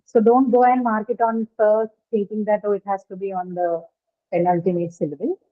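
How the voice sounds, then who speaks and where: A woman teaching an English class over a call, her voice thin and tinny like a phone line. She goes step by step, puts questions to her students and keeps checking whether they follow. Her pitch sits in an ordinary middle range. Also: flat delivery, normal speed. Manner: patient, questioning, often checks with "right?". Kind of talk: online class lecture on word stress.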